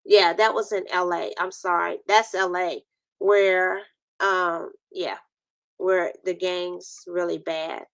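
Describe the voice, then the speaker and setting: Lowish and level, her voice comes slowly with vocal fry and no echo. This New York stream host keeps the live chat casual, laughing a lot and bantering playfully with viewers.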